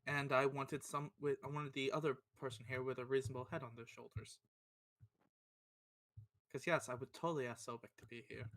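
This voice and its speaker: A man's voice: mid-range voice, fairly even intonation, fairly quick, a bit bright. A man casually narrating his character's actions in a tabletop role-playing game, rambling with fillers and laughs.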